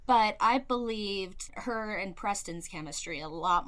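A woman's voice: medium pitch, unhurried, a bit bright. A woman co-hosting a podcast, earnestly giving her take on an old film in casual chat and laughing easily. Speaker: podcast co-host.

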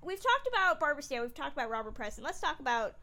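A high, bright woman's voice rises and falls with lively emphasis as she co-hosts a casual podcast chat about a classic film. She talks in an animated, emphatic way and often laughs as she goes. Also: rapid-fire. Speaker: podcast co-host.

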